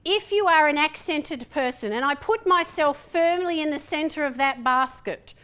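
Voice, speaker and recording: A middle-aged woman with a broad Australian accent giving a chatty, animated conference talk in a lecture hall, acting out little dialogues as she goes. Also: high-pitched, moderate pace. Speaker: conference speaker.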